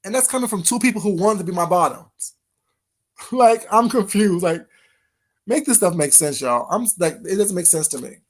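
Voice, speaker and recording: A man ranting in a casual vlog, sassy and animated, firing off rhetorical questions. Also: sits high, moderate pace. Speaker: vlogger.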